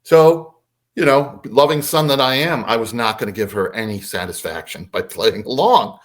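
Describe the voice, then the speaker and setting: An older man, a podcast guest, telling a personal story in a casual, animated way. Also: medium pitch, moderate pace. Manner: animated, acts out voices in his anecdotes.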